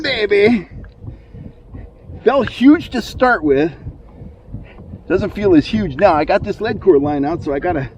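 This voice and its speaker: Middle-aged guy on a fishing boat narrating his trolling setup, kinda high voice, gets super hyped on fish, faint outdoor noise. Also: lo-fi sound. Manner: excitable, exclaims loudly when fish bite. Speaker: fishing channel host.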